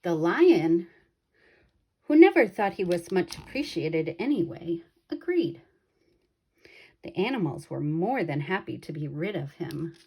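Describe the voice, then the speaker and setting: Female storybook reader, slow pace, warm and dark tone. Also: on the low side, husky. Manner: slow and expressive. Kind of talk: children's picture book read-aloud.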